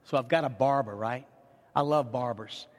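Middle-aged pastor telling a story in a reverberant church. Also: male voice, medium pitch, normal speed. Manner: animated storyteller, frequent restarts and repeated words. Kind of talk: storytelling sermon. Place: church sanctuary.

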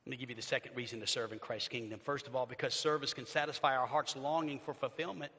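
A man in his fifties preaching a sermon as a pastor, swinging between loud bursts and hushed passages. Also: medium pitch, steady tone, fast, breathy edge. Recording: long reverb of a large hall.

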